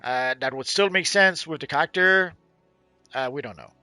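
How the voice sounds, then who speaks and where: A man's voice: a little high, normal speed, pushed and bright, no echo, soft background music. A man co-hosting a game livestream, chatting casually and rambling, hedging with lots of uhs and restarts.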